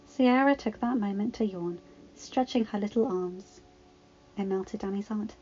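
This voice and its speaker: A woman reading fan fiction aloud in a calm, even storytelling voice. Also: medium pitch, moderate pace, highs cut off. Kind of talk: storybook narration.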